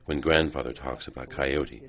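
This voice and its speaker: A man narrating a documentary in a solemn, steady scripted style. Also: very deep voice, moderate pace.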